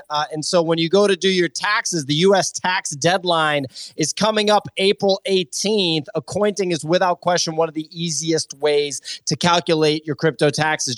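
Slightly high-voiced male podcast host. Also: no room sound. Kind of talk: podcast host reading a sponsor spot.

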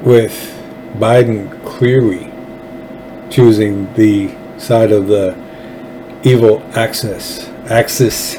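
Texan male host, fervent folksy commentary, slow delivery, faint hiss behind. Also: fairly low pitch, fairly even intonation, mellow, rough recording. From Texas. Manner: folksy, fervent, rambling with restarts. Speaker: show host. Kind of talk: political commentary monologue.

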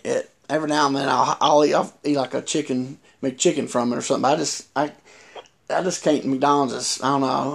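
A man's voice: fairly high pitch, creaky. A man chatting casually on a podcast, telling a long rambling story with many restarts. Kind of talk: casual chat. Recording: noisy podcast recording.

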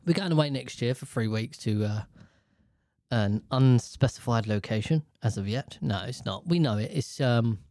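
A man chats casually with a co-host, wandering from point to point with lots of energy. He keeps dropping into quick impressions. The recording is dry and close, with no room echo. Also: mid-range voice. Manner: rambling, animated, breaks into voices. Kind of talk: casual chat.

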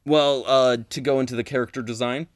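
A man's voice: medium pitch, fairly even intonation, brisk, no echo, studio quality. A man co-hosting a podcast, reviewing a game in casual chat, laid-back and casually swearing. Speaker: podcast co-host.

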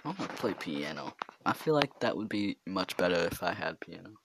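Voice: sits low, big pitch swings, brisk, heavy background noise. A vlogger talking alone in their bedroom, rambling and giggly, with filler words all through. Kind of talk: rambling casual monologue to camera. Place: own bedroom.

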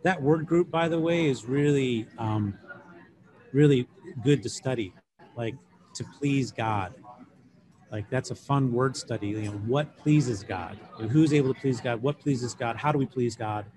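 A middle-aged man lecturing a class on Greek grammar with a mid-pitched voice. He explains loosely and patiently, often pausing on fillers and starting over. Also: crowd noise. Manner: relaxed, explanatory, many fillers and restarts. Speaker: Greek professor teaching a class.

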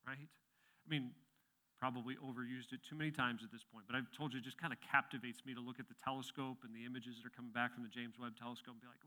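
A man's voice: medium pitch, brisk, bright, forceful tone. A middle-aged male pastor delivering a sermon, swelling with emphasis on key phrases and sometimes restarting words.

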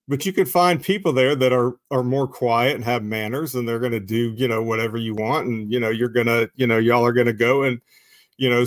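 A man's voice: mid-range voice, no room sound, studio quality. A man talking as a guest on a live-streamed discussion, rambling with lots of fillers and some swearing. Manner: rambling, heavy use of "you know" fillers, profane. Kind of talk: casual live-stream chat.

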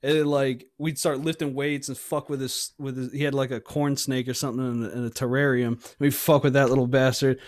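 A man telling rambling, profane stories in casual chat, slipping into shrill voices for people he quotes. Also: level tone, brisk, few pauses, dry recording, studio quality.

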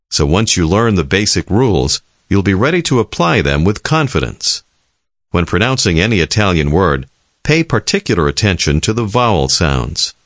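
A man giving scripted instructions for a language course in a calm, measured, clearly enunciated way. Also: deep voice, no echo, studio quality.

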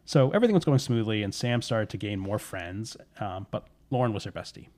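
Male podcast storyteller, slightly low voice, loose and self-correcting. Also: animated, a little fast, a little mellow. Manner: rambling, many fillers, self-correcting. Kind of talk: casual storytelling chat.

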